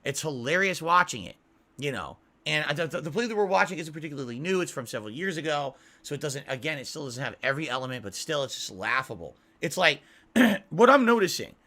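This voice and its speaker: A man's voice: fairly high pitch, expressive, quick pace, sharp tone. A man ranting in a monologue as a YouTuber, exasperated, repeating himself and swearing.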